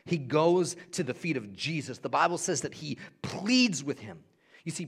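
A young man preaching in a church with a slightly raised pitch. He moves between hushed, intimate passages and loud, rising ones. He repeats key phrases to drive them home. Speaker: pastor. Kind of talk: sermon.

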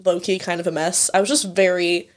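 A woman's voice: lowish voice, level tone, fairly quick. A young woman in her twenties co-hosting a casual chat, telling stories with lots of "like" and plenty of swearing. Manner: chatty storyteller, lots of "like", swears freely.

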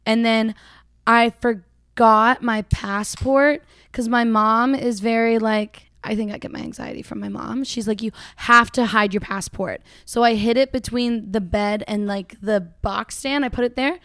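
A young woman guest on a podcast, chatting casually with quick, self-mocking remarks. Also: fairly high pitch, fairly even intonation, a bit bright, no room sound. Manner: quick, self-deprecating, laughs easily. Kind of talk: casual chat.

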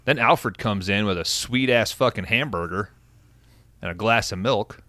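Laid-back, swearing man with a low, bright voice. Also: moderate pace, no room sound. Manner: laid-back, swears often, frequent fillers. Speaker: podcast host recapping a film. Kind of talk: casual profane chat.

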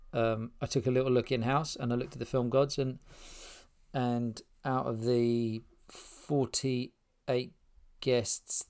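A man's voice: mid-range voice, gravelly, a little mellow. A middle-aged man hosting his podcast, talking unscripted and heartfelt from his spare room, rambling with many restarts. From Spain and England. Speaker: podcast host. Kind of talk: unscripted personal address.

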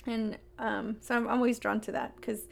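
Podcast co-host, female, gravelly and rambling, casual chat. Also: on the high side, level tone, normal speed. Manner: rambling, many fillers and restarts.

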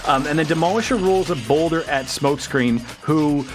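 A man co-hosting a podcast, recapping a cartoon episode in a rambling, casual way with animated quotes. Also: fairly high pitch, normal speed, faint music behind. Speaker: podcast co-host.

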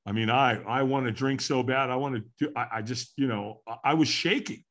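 An older man from California speaks as an interview guest, sharing his personal story earnestly and candidly and saying his past thoughts out loud. His voice is medium in pitch, fairly bright, and a little fast.

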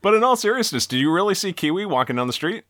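A man co-hosting a podcast, recapping a TV episode in a casual, animated way. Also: sits high, no echo. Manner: animated storytelling, quick asides. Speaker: podcast co-host.

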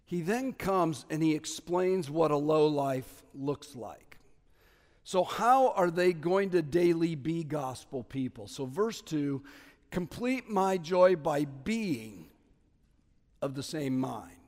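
A man preaching a sermon as pastor, stressing key words loudly and dropping to quiet asides. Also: a little high, lively intonation, slow pace, in a large hall. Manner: emphatic, swings between loud stresses and quiet asides.

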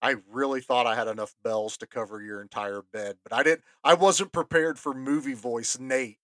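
A man's voice: medium pitch, moderate pace, bright, forceful tone, no echo. A man co-hosting a casual movie podcast, eager and stumbling over restarts. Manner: enthusiastic, restarts often. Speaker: podcast co-host. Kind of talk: casual movie review chat.

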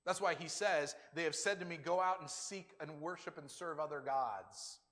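A man's voice: on the high side, normal speed, fairly bright tone. A male pastor preaching a sermon in a conversational way, acting out the quoted lines with his own voice. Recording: long hall reverb.

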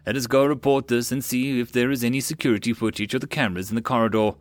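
A man voicing a calm, gentle woman doctor who asks patient questions. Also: medium pitch, fast talker, no room sound, close to an everyday voice. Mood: wry.

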